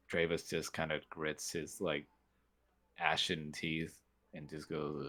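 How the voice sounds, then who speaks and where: A man's voice: rumbling low, monotone, slow pace, a bit bright. A man narrating as game master in a casual, filler-heavy way.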